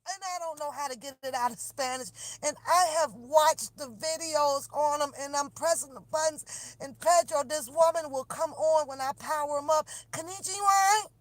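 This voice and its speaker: A woman in her car speaks to her viewers through a phone camera at a normal pace, her voice sitting high and free of room sound. The rant is animated and casual, exasperated but laughing, with liberal swearing.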